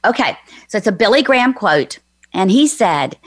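A woman's voice: mid-range voice, big pitch swings, normal speed, dry recording. A woman guest on a faith talk show, earnestly telling a heartfelt personal story. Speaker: guest, author and former minister.

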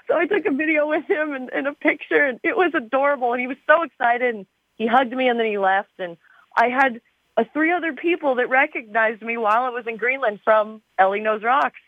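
A woman's voice: a little high, normal speed, no room sound. Chatty woman on a tinny phone line. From Arizona, USA. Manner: bubbly and chatty, with frequent fillers. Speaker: guest, TV show star. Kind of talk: casual interview chat.

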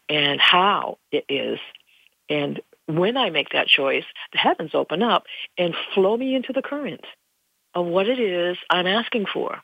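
Older lady, low gravelly voice, folksy spiritual talk, dull lo-fi sound. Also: no echo. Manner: earnest, folksy, rambling. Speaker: spiritual teacher. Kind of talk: casual spiritual monologue. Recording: dull lo-fi recording.

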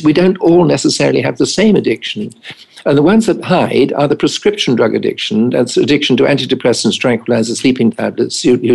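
A man's voice: medium pitch, gravelly, a little mellow, breathy edge, low-quality recording. An older English man, a family doctor, recounting anecdotes wryly in an interview and acting out the dialogue. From England. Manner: anecdotal, wry, acts out dialogue. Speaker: family doctor and addiction specialist. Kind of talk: storytelling in an interview.

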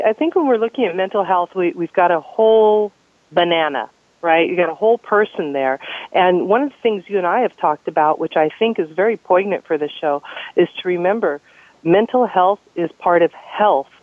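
A man's voice: sits high, lively intonation, normal speed, dry recording. A man hosting a radio talk show, speaking in an easygoing, reflective way with an occasional chuckle. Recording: tinny phone-like dry sound.

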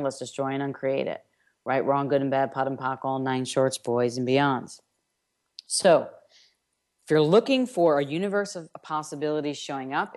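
A woman's voice: low voice, darkish tone. A woman from New York hosting a self-help radio show, speaking emphatically with chant-like repetitions.

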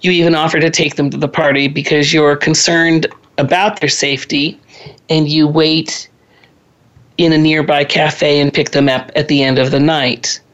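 A woman's voice: sits low, flat delivery, normal speed, highs cut off. A woman in her sixties hosting a parenting talk, giving a conversational lecture with chatty asides and personal stories. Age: 60s. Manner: chatty, drifts into personal anecdotes and laughs at herself.

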